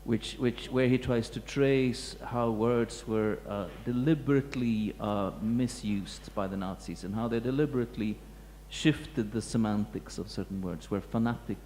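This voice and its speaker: Halting man lecturing in an echoey hall. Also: medium pitch, darkish tone. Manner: halting, many restarts and fillers, reflective. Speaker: museum curator giving a talk. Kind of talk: lecture talk to an audience. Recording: echoey hall with faint hum.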